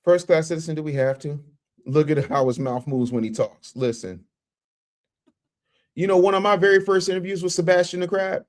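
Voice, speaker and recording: A man's voice: on the high side, normal speed, darkish tone. A man hosting a live reaction stream, mocking and roasting clips and reading viewer messages in a rowdy casual way. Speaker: livestream host.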